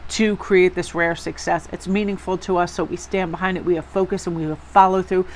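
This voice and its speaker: A woman's voice: on the low side, steady tone, a little fast, slight background noise. A woman from Connecticut with a Northeastern American accent, giving a chatty, encouraging tarot reading to her viewers. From Connecticut, USA. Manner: chatty and encouraging, with rambling asides. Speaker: tarot reader.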